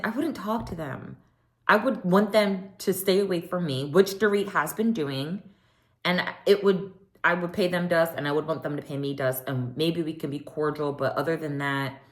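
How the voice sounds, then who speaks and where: A woman hosting a casual TV recap, chatty and animated, often acting out what people said. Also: sits low. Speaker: recap podcast host.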